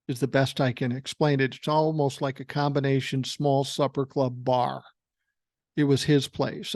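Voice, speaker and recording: Sixties male podcast host from Minnesota, middle pitch, swears freely through casual anecdotes, dry close recording. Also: a little mellow, dry recording. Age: 60s. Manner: profane, rambling anecdotal delivery. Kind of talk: casual storytelling.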